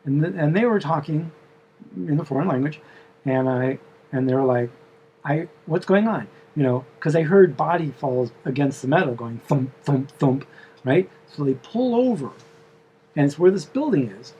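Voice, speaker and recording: A man's voice: a little high, expressive, normal speed, mellow, husky, poor audio. A man telling the story of a dream in a casual, meandering way, full of fillers and asides.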